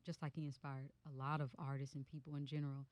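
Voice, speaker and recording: A woman's voice: extremely low pitch, quick pace, dry recording. A woman in her thirties, a guest musician in a casual radio interview, telling stories with lots of fillers in a studio. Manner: animated storyteller, many fillers.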